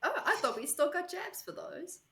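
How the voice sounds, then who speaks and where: A woman guest on a casual podcast who talks in a lively way and laughs readily. Her voice is high, bright and sharp, and its pitch swings widely. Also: moderate pace. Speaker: interview guest, tarot reader.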